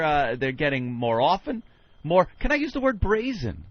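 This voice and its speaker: Radio co-host, male, animated and profane storyteller; dry, dull lo-fi studio sound. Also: on the high side, moderate pace, no room sound. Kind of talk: casual talk radio banter. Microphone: studio microphone.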